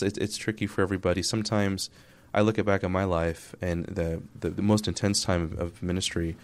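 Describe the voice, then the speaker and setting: A man with a low, gravelly voice talks candidly as a pastor and podcast guest. He is reflective, and his sentences are broken up by restarts and small laughs. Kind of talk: casual reflective conversation.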